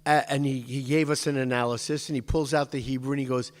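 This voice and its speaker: Man, mid pitch, casual storytelling, digressive, restarts sentences, long hall reverb. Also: steady tone, quick pace. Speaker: speaker addressing a congregation.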